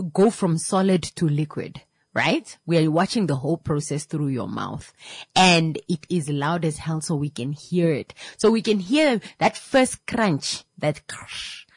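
A young woman talks straight to her audience in a lowish, husky voice, blunt and openly exasperated. She keeps hammering rhetorical questions. The sound is close and dry, with no room echo. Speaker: vlogger. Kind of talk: casual opinion monologue.

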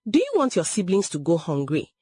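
A woman's voice: lowish voice, wildly swooping pitch, a little fast, slightly rough, no room sound, clean studio sound, exaggerated voice. Bitter scolding mother, as a woman reads her. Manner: sharp, scolding. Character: bitter, harsh village mother, middle-aged woman.

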